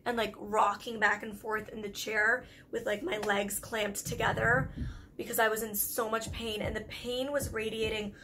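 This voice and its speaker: Young canadian woman vlogging, chatty and candid, tons of "like", a bit higher voice, faint hiss behind. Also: flat delivery, normal speed. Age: young adult. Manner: chatty, candid, lots of "like" fillers. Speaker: YouTube vlogger. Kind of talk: casual storytelling vlog.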